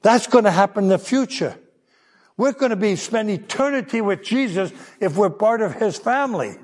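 A man's voice: sits high, normal speed, long reverb tail. An older man preaching a children's sermon, telling stories and acting out voices. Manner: animated storytelling, acting out voices.

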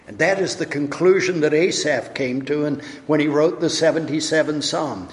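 A man's voice: fairly high pitch, normal speed, hardly any pauses. Earnest male preacher in an echoing hall. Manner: earnest, storytelling, rising and falling emphasis. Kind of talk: sermon. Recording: long echo of a large hall.

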